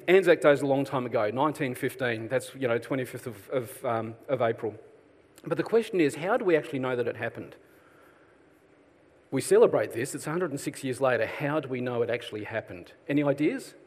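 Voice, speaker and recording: Middle-aged Australian man, relaxed self-deprecating sermon delivery, long reverb of a church hall. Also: mid-range voice, moderate pace, long pauses. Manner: chatty, self-deprecating, jokes with the congregation. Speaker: preacher.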